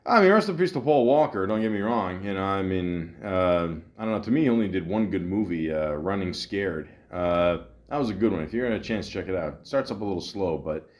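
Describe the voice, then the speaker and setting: A man's voice: deep voice, darkish tone. Rambling, cursing man in his forties. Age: 40s. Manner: rambling, profane, self-deprecating. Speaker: podcast host. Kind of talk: casual monologue.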